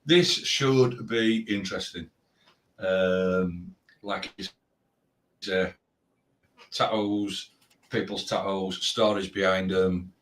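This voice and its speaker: A man co-hosting a live stream, talking casually in a halting way, full of fillers and repeated words. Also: sits low, steady tone. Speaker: co-host.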